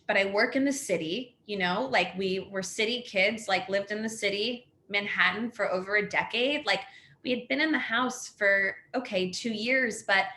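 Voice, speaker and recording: A woman's voice: mid-range voice, normal speed, sharp tone, a little hiss or hum. Rambling woman on an echoey video call. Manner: rambling, filler-heavy, "like" and "next thing you know". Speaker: house fire survivor, webinar guest. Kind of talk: personal storytelling on a webinar. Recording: echoey room.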